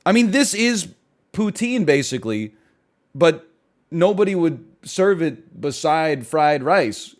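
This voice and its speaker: Male streamer, slightly high voice, incredulous casual ranting. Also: slow. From Canada. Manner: incredulous, animated ranting with laughs. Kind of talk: casual chat.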